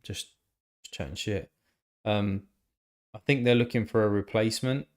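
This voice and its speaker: A man's voice: on the low side, fairly even intonation, unhurried, long pauses, darkish tone. A man chatting casually on a live stream, rambling and thinking aloud with lots of fillers and the odd swear word.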